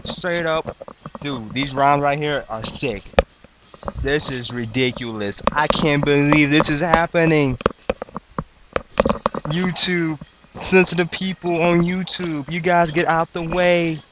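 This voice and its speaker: Excitable young man hyping a rap crew, boastful and mock-dramatic, high-ish voice, noisy home recording. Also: slow pace. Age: 20s. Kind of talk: hyped comedic freestyle intro.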